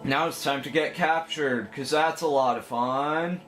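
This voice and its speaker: A man's voice: fairly high pitch, unhurried, low-quality recording. Joking man giving casual game commentary. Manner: joking, offhand. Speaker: gaming channel host. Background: game music.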